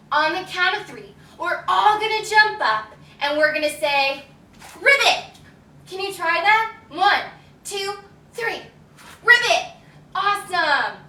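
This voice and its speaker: A woman's voice: high-pitched, animated, a little slow, bright, forceful tone. A woman leading a children's yoga lesson, upbeat and encouraging, calling out poses and animal sounds for the kids to copy. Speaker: yoga teacher. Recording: echoey room, from a distance.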